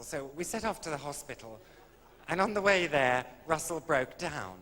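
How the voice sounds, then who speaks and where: A man's voice: a little high, lively intonation, moderate pace, sharp tone. Camp man telling stage stories. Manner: arch, camp, drily innuendo-laden. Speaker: stand-up comedian. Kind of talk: camp stand-up storytelling. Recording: echoey old live stage recording with faint hiss.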